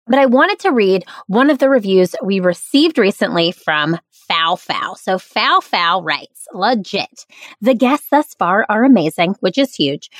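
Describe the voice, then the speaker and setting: A woman's voice: mid-range voice, no room sound. A woman hosting a podcast, with a nasal twang and an upbeat, playful way of talking. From American South and Midwest. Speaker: podcast host. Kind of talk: podcast intro and host talk.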